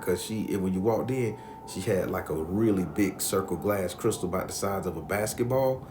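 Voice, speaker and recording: A man telling a profane personal story in a loose, animated, conversational way. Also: low voice, normal speed, hardly any pauses, background noise. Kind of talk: crude casual storytelling.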